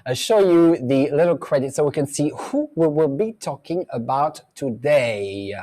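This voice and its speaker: A man's voice: fairly high pitch, darkish tone. A man hosting a weekly live psychic show, chatting casually and rambling with lots of fillers and asides. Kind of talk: casual live-stream chat. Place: indoor room, filming at home.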